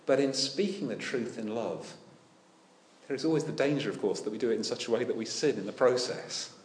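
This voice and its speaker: A man preaching a sermon, animated and full of rhetorical questions with dry humour. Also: medium pitch, a little fast, roomy sound. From United Kingdom. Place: church.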